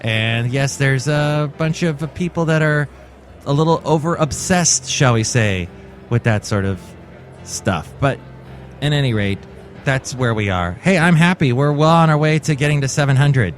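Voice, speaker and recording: A man's voice: mid-range voice, animated, moderate pace, faint music behind. A man in his forties hosting a comic solo podcast, telling stories in a wry, jokey way. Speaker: podcast host.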